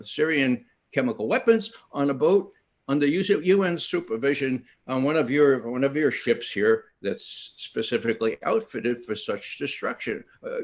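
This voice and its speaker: A man acts out a conciliatory foreign leader offering a deal. He sounds earnest and persuasive, and his pitch rises and falls freely.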